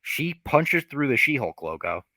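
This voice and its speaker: A man's voice: medium pitch, big pitch swings, measured pace, bright, forceful tone, no room sound. A man co-hosting a podcast, animatedly retelling a TV episode with casual profanity. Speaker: podcast co-host.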